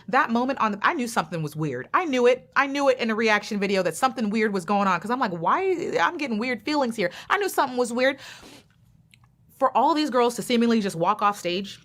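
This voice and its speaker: A woman's voice: fairly high pitch, fairly bright tone. A woman commenting bluntly and sassily. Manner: blunt, sassy and emphatic. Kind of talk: opinionated reaction commentary.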